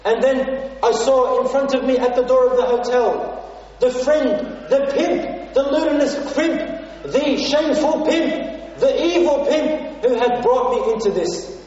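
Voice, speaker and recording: A man delivers an impassioned sermon in a strikingly high voice, leaning on repeated phrases. He sounds distant and a little muffled. A long, booming reverb from a big hall trails every line. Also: unhurried, a little mellow. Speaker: preacher. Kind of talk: sermon told as a first-person story. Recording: muffled, echoey hall from far off.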